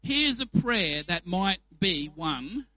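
A man preaching in a relaxed, animated way. His voice sits high and sounds bright and forceful. The sound is close and dry, with no room echo. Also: slow pace. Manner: conversational, animated, with playful examples. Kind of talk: sermon.

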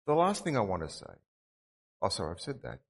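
A man's voice: fairly low pitch, wildly swooping pitch, a little fast, husky, long reverb tail. A man preaching a sermon, earnest and repeating his key phrases for emphasis. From Australia.

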